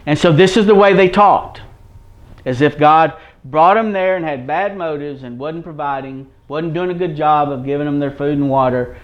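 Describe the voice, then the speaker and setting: A man's voice: a little high, normal speed. A man preaching a sermon, reading scripture in old wording and explaining it in plain, folksy talk straight to his listeners. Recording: dull lo-fi recording.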